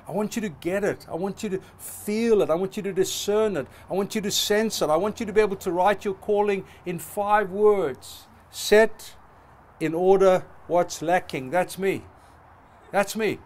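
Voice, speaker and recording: A man's voice: high voice, moderate pace, darkish tone. A middle-aged male pastor preaching a sermon, passionate and emphatic, building through repeated phrases. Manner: passionate, emphatic with rising repetitions.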